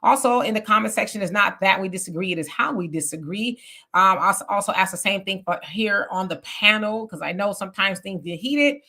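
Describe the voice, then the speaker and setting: A woman's voice: mid-range voice, brisk, bright, forceful tone. A woman hosting a live online talk show who greets her viewers one by one by name. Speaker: host.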